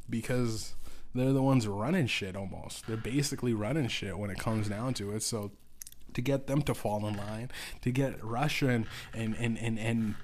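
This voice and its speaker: A man's voice: mid-range voice, darkish tone. A man hosting his own podcast, talking in a loose, rambling monologue full of restarts and swearing. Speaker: podcast host.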